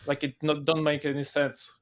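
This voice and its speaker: A man speaking halting English. He is a guest in a casual chat, with frequent pauses and loose grammar. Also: fairly high pitch, completely flat delivery. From Russia. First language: Russian. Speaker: podcast guest.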